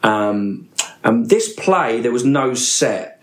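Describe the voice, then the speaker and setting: Forties actor, anecdotal podcast guest, roomy sound. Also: male voice, medium pitch, takes it slowly. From England. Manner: animated storyteller, name-dropping with laughter.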